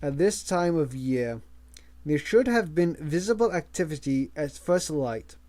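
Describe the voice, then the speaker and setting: A man reading a novel aloud as an amateur audiobook narrator, measured, with small slips and restarts. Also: on the high side, lively intonation, a little mellow. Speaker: audiobook reader.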